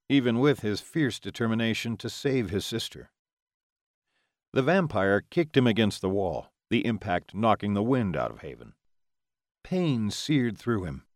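Expressive low-voiced male audiobook narrator. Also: no echo, clean studio sound. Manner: dramatic, expressive reading. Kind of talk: scripted narration.

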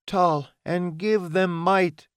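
Desperate witch mother, high and strained, chanting, voiced by a man in a dry, close booth. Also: steady tone, takes it slowly, clean tone, dry recording.

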